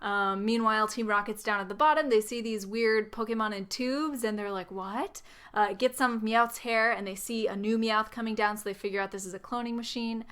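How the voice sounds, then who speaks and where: Bright, clear-voiced woman podcast co-host. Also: fairly high pitch, steady tone. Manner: chatty, quick plot-summarizing with frequent ums and playful quoted lines. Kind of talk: casual chat recapping a film.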